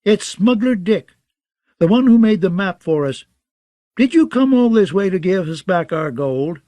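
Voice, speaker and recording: Man putting on a shrill cackling cruel jester. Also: animated, measured pace, dark tone, dry recording. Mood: gleeful. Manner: high, braying, gleeful taunting.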